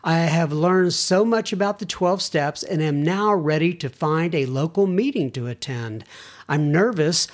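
A man hosting a podcast, reading listener letters aloud and adding casual asides and self-corrections. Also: a little high.

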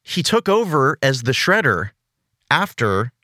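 Lively, bright-voiced podcast co-host. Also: male voice, medium pitch, measured pace, no room sound, studio quality. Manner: enthusiastic, giggly nerdy banter. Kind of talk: casual podcast chat.

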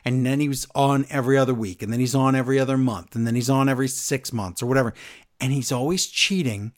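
Animated man recapping wrestling. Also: mid-range voice, fast talker. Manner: animated recapping, reads from his notes. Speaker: podcast co-host. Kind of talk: casual wrestling recap chat.

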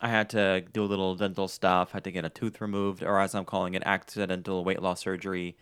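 A man's voice: sits low, flat delivery, fast talker, a bit bright, clear, resonant tone. Chatty man with a slight lisp. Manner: chatty, jokey, self-deprecating. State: slight lisp after tooth removal. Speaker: podcast co-host. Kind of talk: casual chat.

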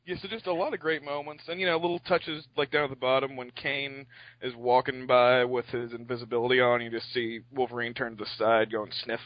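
A man's voice: mid-range voice, level tone, fairly quick, no room sound. A man giving an opinionated, enthusiastic comic book review in casual chat. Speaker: podcast reviewer. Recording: dull lo-fi sound.

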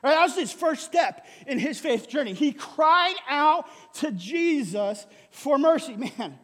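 A male pastor preaching a sermon in a lively way, often asking "right?" and laughing. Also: very high voice, a little slow, big-room sound. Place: church hall.

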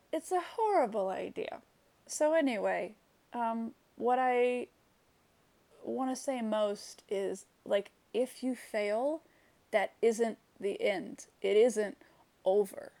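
Candid woman with a gravelly voice. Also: fairly high pitch, dark tone. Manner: reflective, candid, with many fillers and restarts. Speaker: vlogger. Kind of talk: personal storytelling monologue.

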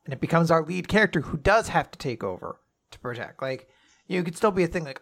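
A man talks casually on a manga review show. His voice sits a little high, and his manner is loose, rambling and laid-back, with easy swearing. The chat feels unscripted. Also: sing-song, brisk, a bit bright. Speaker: podcast co-host.

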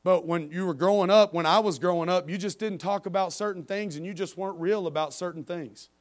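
Man, preacher, high-pitched, sermon, impassioned, repetitive emphasis, loud-to-quiet swings. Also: brisk. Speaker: preacher and youth pastor.

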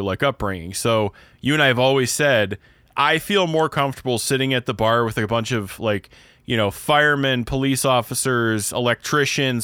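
A man's voice: medium pitch, a bit bright, no echo, clean studio sound. A young man from Pennsylvania with a Pennsylvania accent, co-hosting a podcast in casual chat and rambling with many restarts. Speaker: podcast co-host.

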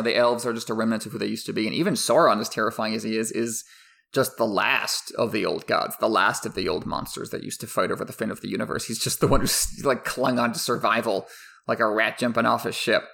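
A man's voice: lowish voice, creaky, fairly bright tone. A man giving a thoughtful, conversational commentary, often restarting phrases as he thinks aloud. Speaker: commentator on a book and its film adaptation. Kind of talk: conversational analysis, partly scripted essay.

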